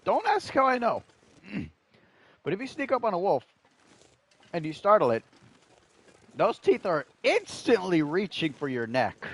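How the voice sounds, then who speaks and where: A man's voice: high-pitched, measured pace, gravelly, pauses often. A man in his twenties giving joking live commentary while playing a survival game, talking to his chat. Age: 20s. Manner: animated, joking, talks to chat. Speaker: streamer.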